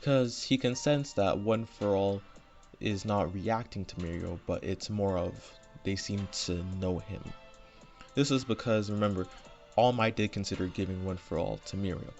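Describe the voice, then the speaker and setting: A man's voice: low voice, fairly even intonation, normal speed, a little mellow, highs cut off, faint music behind. Rambling man retelling a fan story. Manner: rambling, full of fillers and "right?" asides. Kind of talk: unscripted casual story retelling. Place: home room. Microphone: desk microphone.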